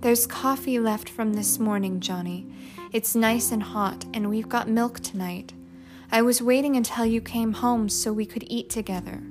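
A woman's voice: a little high, steady tone, moderate pace, music in the background, close to an everyday voice. A woman voicing a soothing mother. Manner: soothing, coaxing. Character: gentle, patient wife and mother.

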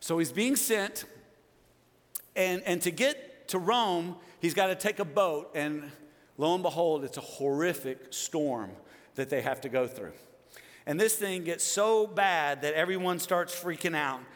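A man in his fifties preaches with a high, bright voice, jumping from loud bursts to quiet, pressing lines. His words ring out with a long hall reverb behind them. He speaks as a pastor to his congregation. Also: a little slow. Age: 50s. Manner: animated, swings from loud exclamations to hushed emphasis. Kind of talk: sermon.

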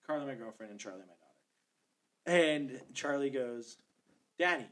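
A man in his thirties co-hosting a podcast, telling a story in casual chat, profane and animated, acting out quotes. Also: mid-range voice, measured pace. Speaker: podcast co-host.

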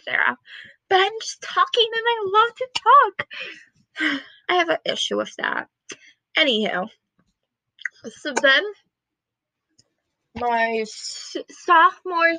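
A woman's voice: on the high side, bright, forceful tone, no echo, low-quality recording. A young woman in her twenties rambling and gushing to the camera in a casual chat, drifting off topic and dropping into whispers. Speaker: vlogger.

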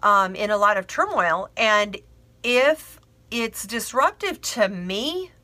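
A woman's voice: mid-range voice, lively intonation, slow pace, sharp tone, no room sound. A woman telling a personal story in a rambling, frank way with lots of fillers and the odd swear.

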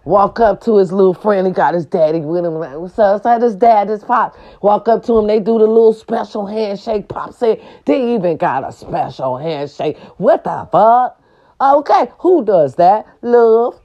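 A woman telling a story in a casual monologue. She talks in an animated, emphatic way, swears freely, and keeps checking in with her listeners. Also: medium pitch, moderate pace, hardly any pauses, highs cut off. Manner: animated, emphatic and profane, with frequent rhetorical check-ins.

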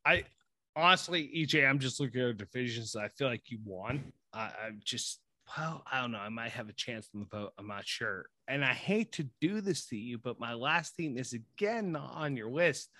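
A man co-hosting a casual sports podcast, animated and profane, jumping from mumbled asides to loud excited pitches. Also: moderate pace, no room sound, studio quality. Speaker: podcast co-host.

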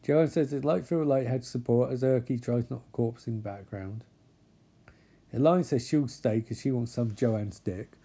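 A man narrating a comedic recap of a TV episode with deadpan, mocking, profane asides. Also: mid-range voice, normal speed, slightly rough.

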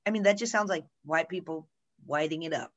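A woman's voice: deep voice, brisk, muffled recording. A woman co-hosting a casual chat, sharing strong opinions in a loose, rambling flow full of asides.

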